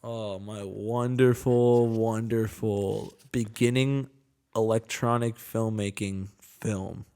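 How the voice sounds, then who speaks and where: A man's voice: lowish voice, fairly even intonation, slow pace, mellow, clear, resonant tone. A young man co-hosting a casual podcast, telling a rambling, jokey story full of "dude" and "man". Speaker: podcast co-host. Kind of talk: casual chat.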